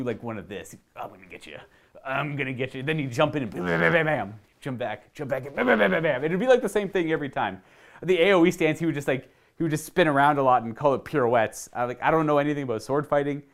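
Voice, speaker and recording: A man from Ontario, chatting casually on his channel, rambling and correcting himself and getting animated while demonstrating. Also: medium pitch. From Ontario, Canada. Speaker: video host answering viewer questions. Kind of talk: casual chat.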